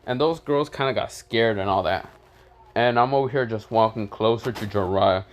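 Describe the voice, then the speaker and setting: A man's voice: fairly low pitch, normal speed. A man casually telling a made-up fan story, rambling with lots of fillers. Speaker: channel host telling a story.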